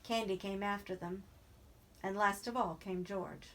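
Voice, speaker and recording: A woman reading a novel aloud in a steady, even narrating voice. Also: mid-range voice, a little slow. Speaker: reader.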